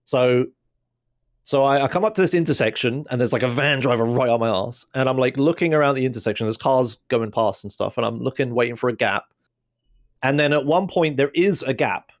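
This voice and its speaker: A man's voice: mid-range voice, brisk. A young man, casually telling a rambling story on a podcast and mimicking others. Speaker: podcast co-host.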